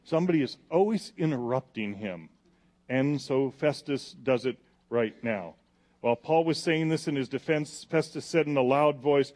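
Guy preaching, gets loud on the verses then goes real quiet and pleading. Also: mid-range voice, moderate pace. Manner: animated, swings from loud reading to hushed pleading. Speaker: pastor. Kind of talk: sermon.

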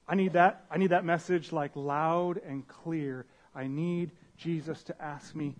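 A man's voice: a little high, fairly even intonation, unhurried, hardly any pauses. A young man preaching a sermon as a pastor, casual and conversational, with slang, restarts and Bible readings.

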